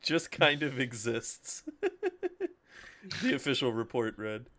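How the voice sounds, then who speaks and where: A man's voice: medium pitch, slow, bright, forceful tone. A man co-hosting a casual podcast, joking and swearing as he riffs on bits. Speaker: podcast co-host.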